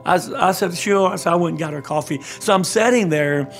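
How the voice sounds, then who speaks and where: An older man, a pastor telling a personal testimony in an interview, earnest and halting, often repeating his words. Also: a little high, gravelly, soft background music.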